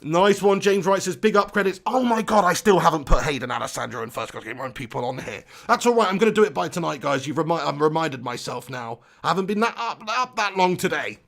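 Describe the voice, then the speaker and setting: A man hosting a football live stream, chatty and upbeat, giving shout-outs to viewers. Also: high voice, creaky. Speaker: football channel host.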